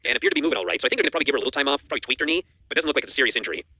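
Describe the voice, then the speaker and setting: A man's voice: on the high side, breathy edge, dry recording. A man co-hosting a wrestling news show, recapping matches in a casual chat and acting out the quotes. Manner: rapid animated recap, acts out quotes.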